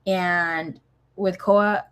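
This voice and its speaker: A woman's voice: on the low side, fairly even intonation, very slow, a bit bright, smooth. Chatty woman mixing in Spanish. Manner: chatty, swears freely, mixes in Spanish phrases. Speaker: tarot reader. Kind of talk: casual tarot reading to a viewer.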